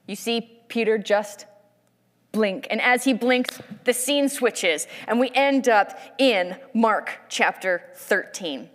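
A woman's voice: on the high side, slow pace, long reverb tail. Woman preacher painting scenes. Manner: animated storytelling with restarts. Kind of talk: sermon with vivid scene narration.

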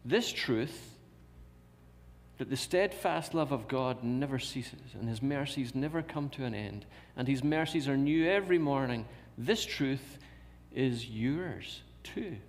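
A man's voice: medium pitch, animated, measured pace. A man preaching a sermon in a church, repeating key phrases and asking rhetorical questions. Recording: long reverb of a large hall.

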